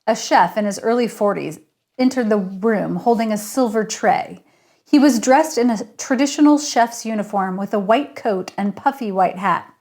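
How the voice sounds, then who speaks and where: A woman, the author, reading her story aloud in steady first-person narration. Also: medium pitch, normal speed.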